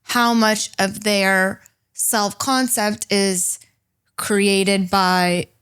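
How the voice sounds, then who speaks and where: A woman's voice: medium pitch, steady tone, drawn-out words, a bit bright, smooth. A woman co-hosting a podcast, asking long, layered questions as she thinks aloud in casual chat. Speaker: podcast co-host.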